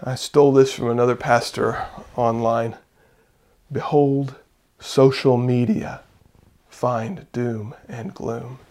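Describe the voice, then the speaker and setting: A male pastor preaching a sermon, building to loud fervent peaks and dropping to hushed, intimate passages. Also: medium pitch, fairly even intonation, takes it slowly.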